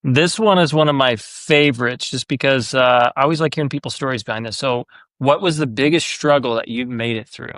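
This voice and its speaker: A man's voice: mid-range voice, a little fast, fairly bright tone, no echo, studio quality. A man hosting a podcast, chatting casually and retelling his own anecdotes with a lot of "like" and acted quotes. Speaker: podcast host. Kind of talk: casual conversational interview.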